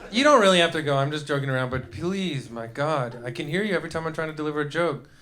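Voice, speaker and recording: A young male comedian working a live crowd on a handheld mic, loose and crude, chuckling through his lines. His voice sits high and sounds bright and forceful, and every so often it jumps into a yell. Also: expressive, fast talker, a little hiss or hum. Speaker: stand-up comedian. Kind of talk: live stand-up riffing with the crowd. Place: comedy club stage before a live audience.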